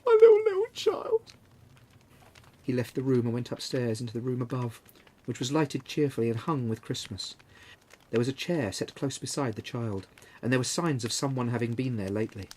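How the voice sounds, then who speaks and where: A man narrating a classic story aloud in a measured, expressive way, with a husky voice. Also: medium pitch. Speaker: reader.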